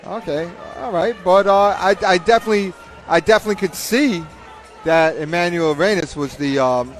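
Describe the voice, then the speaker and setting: A man's voice: sits high, moderate pace, faint music behind. A man commentating live boxing fights, rambling and joking, often repeating himself. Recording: crowd noise at a live event.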